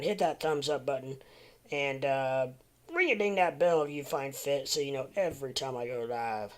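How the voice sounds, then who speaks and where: A man's voice: medium pitch, expressive, moderate pace, long pauses. A man hosting a casual live stream, rambling and muttering to himself between remarks to his viewers. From American Midwest.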